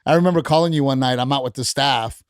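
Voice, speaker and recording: A man's voice: medium pitch, quick pace, clear, resonant tone, no room sound, studio quality. A man who is a comedian guest on a podcast, chatting animatedly, swearing freely and acting out quotes. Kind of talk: casual chat.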